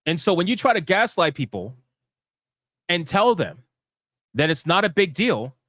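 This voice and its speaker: A man's voice: high voice, sing-song, normal speed, a bit bright, dry recording, studio quality. A man hosting a live stream, giving heated, profane commentary in a fired-up, emphatic way.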